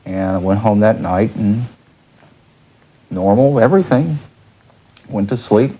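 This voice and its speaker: Man interviewee, low dark husky voice, halting casual speech. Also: expressive, lo-fi sound. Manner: halting, lots of "you know".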